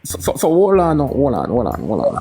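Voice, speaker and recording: A man's voice: medium pitch, wildly swooping pitch, brisk, mellow, faint music behind. A man with a Jamaican accent lecturing in a heated panel discussion and cutting in repeatedly to hold the floor.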